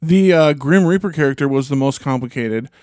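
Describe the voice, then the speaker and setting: A man's voice: medium pitch, a little fast, a little mellow, clean tone, no echo, clean studio sound. A man co-hosting a casual movie podcast, eagerly sharing film trivia. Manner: enthusiastic film buff trivia. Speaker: podcast co-host. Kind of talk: casual chat.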